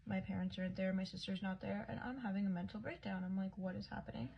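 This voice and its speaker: A woman's voice: mid-range voice, fairly even intonation, fast, gravelly. A woman casually recounting her own experience as a patient, talking in a chatty way full of filler words. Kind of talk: casual personal storytelling. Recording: dull lo-fi with faint background noise.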